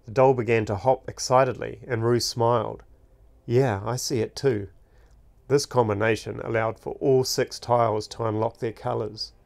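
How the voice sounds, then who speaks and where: Man slowly reading a fantasy story. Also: mid-range voice, little pitch movement, gravelly, a little mellow. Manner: slow, deliberate reading. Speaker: narrator. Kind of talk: storybook narration.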